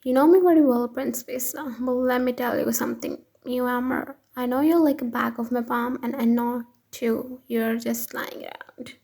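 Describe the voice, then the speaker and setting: A woman reading the lines of an intense, possessive young boyfriend in a fan fiction story, with a husky, gravelly voice and no real change from her own. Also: on the high side, fairly even intonation, normal speed, few pauses, dark tone. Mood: accusing.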